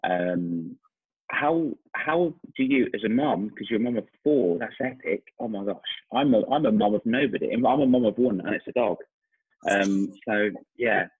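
An English man in his thirties hosts a relaxed interview, thinking aloud with many restarts. His low voice is husky. The sound is dry and thin, like a phone-quality video call. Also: moderate pace, dry recording. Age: 30s. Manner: thoughtful, rambling, frequent restarts and fillers. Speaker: host, confidence coach. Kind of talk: casual interview chat.

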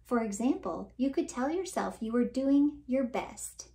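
A woman voicing a kind, gentle female ladybug who speaks softly and encouragingly in a children's storybook. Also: fairly high pitch, lively intonation, measured pace, creaky, reverberant. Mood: gentle, caring. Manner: soft, caring, encouraging.

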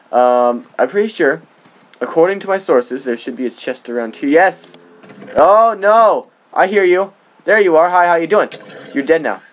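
Excitable man doing game commentary. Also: a little high. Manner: excitable, jokey boasting; rambling with frequent restarts. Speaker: gaming channel host. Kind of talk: casual gameplay commentary.

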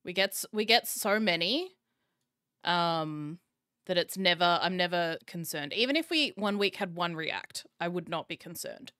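A woman's voice: lowish voice, expressive, a little slow, sharp tone, no echo, clean studio sound. A woman streamer hosting her live stream in casual chat, talking straight to her viewers and laughing often. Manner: giggly, chatty, addresses chat directly. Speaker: streamer host.

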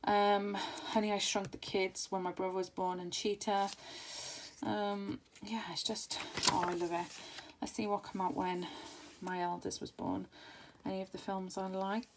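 A woman's voice: medium pitch, flat delivery, moderate pace. A woman in her thirties chatting casually and enthusiastically through a craft haul, rambling with plenty of fillers. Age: 30s. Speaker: crafting channel host. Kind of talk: casual haul video chat. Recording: noisy home recording.

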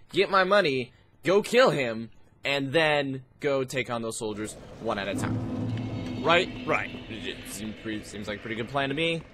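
Excitable young man yelping through gameplay. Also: mid-range voice. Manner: excitable, yelps and jokes at enemies. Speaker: let's play gamer. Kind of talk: casual game commentary. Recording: loud background noise.

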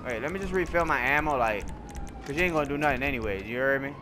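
A young man giving playful, excitable gameplay commentary, trash-talking and swinging from sudden shouts to low mutters. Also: fast talker, music in the background. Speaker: gaming YouTuber. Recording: loud game sounds behind the voice. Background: video game noise and vehicle sounds.

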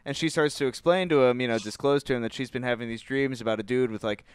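A man in casual podcast chat, relaxed, recapping a movie scene by scene. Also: mid-range voice, fast, smooth, no echo. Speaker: podcast guest.

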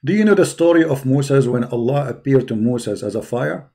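A man's voice: mid-range voice, expressive, normal speed, gravelly, mellow. A man with an Arabic accent hosting a religious debate call, insistent and repeating himself. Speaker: debate host.

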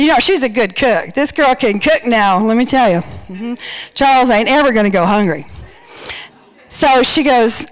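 A woman's voice: on the high side, moderate pace, poor audio. A woman giving a humorous, storytelling wedding toast in a church, a little out of breath. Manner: storytelling with playful quoted voices. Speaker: wedding speaker and church singer.

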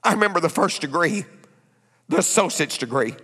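A man preaching a sermon, swinging from hushed asides to shouted lines. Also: fairly high pitch, expressive, brisk, slightly rough. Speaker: pastor. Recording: echoey church hall.

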